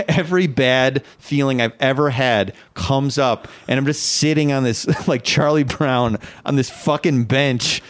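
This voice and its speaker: A man tells a story in loose, casual conversation. He jumps between his normal voice and high, panicky impressions of himself and others, laughing through it. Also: measured pace, few pauses. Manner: animated, acts out his own quotes in a high panicky voice.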